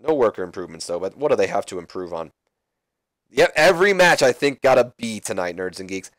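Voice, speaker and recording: A man's voice: on the low side, sing-song, brisk, no room sound. Man rambling through game commentary. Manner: rambling, offhand. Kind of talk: casual gameplay commentary.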